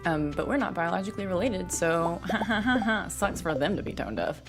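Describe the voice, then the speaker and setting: Chatty woman streamer, low voice. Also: animated, moderate pace. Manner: rambling, chatty, many fillers and restarts. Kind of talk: casual gaming stream chat. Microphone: desk mic on a boom arm. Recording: game music playing clearly behind.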